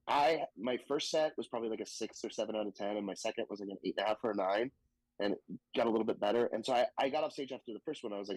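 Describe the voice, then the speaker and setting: A man from the Southern United States, a stand-up comedian telling stories in a casual podcast chat, animated and profane, slipping into quoted voices. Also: on the low side, racing, no room sound, low-quality recording.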